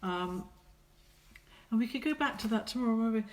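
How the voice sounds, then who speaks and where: While hosting a live painting session, a middle-aged watercolour artist chats casually and teases viewers as she reads their comments aloud. Her voice is slightly high, animated, and a bit fast.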